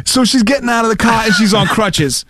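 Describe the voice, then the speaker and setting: A man co-hosting a talk show, telling a story in an animated, rapid way. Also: high-pitched, no echo. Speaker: radio show co-host. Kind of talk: casual storytelling chat.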